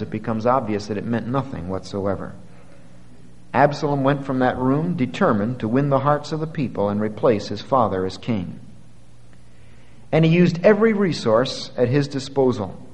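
A man's voice: expressive, moderate pace. Man preaching a sermon in a reverberant hall. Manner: dramatic swings from quiet to loud, climbing pitch when quoting scripture.

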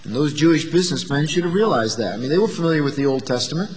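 A man preaching a sermon, asking the listeners rhetorical questions and moving between loud, emphatic lines and quiet asides. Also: a little high, expressive, racing, big-room sound.

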